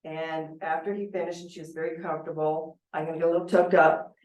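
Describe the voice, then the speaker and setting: In a roomy hall, recorded from afar, a judge in her sixties gives a seminar and shares a personal story candidly and chattily. She has a low, slightly mellow voice, delivered flatly and a little fast.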